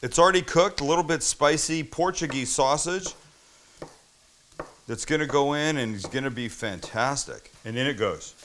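A man's voice: a little high, normal speed, fairly bright tone, a little hiss or hum, rough recording. A man hosting a casual cooking demonstration, chatty and enthusiastic as he walks the viewer through each step. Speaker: cooking show host.

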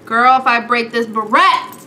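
A young beauty vlogger chats casually at home in a slightly high, bright voice with a forceful tone, speaking at a moderate pace. She's playful and sassy, calling her viewers darlings and girls, with slight background noise.

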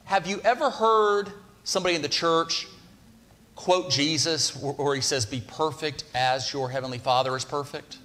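A man's voice: a little high, moderate pace, fairly bright tone. A man preaching a sermon in a church, talking conversationally and putting questions to the congregation. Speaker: pastor. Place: church sanctuary. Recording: long hall reverb.

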